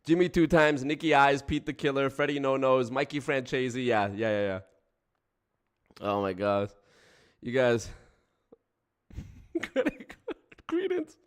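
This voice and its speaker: A man's voice: mid-range voice, steady tone, moderate pace, clear, resonant tone. A man hosting a casual livestream, chatting with viewers, breaking into frequent laughter and swearing casually. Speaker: streamer host.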